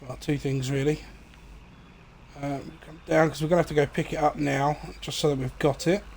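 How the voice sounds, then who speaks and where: A man's voice: fairly high pitch, moderate pace, a little hiss or hum. A man giving casual, rambling commentary on a farming game he streams, full of ums and asides. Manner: relaxed, rambling, many fillers. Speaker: gaming streamer. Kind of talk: casual let's-play commentary.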